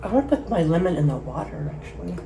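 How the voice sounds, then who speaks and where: A woman in her thirties from the Bay Area, casually telling a story while she eats, chatty and quick to laugh. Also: lowish voice, big pitch swings, creaky, background noise. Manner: chatty, laughs often, acts out quotes loudly. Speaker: mukbang host.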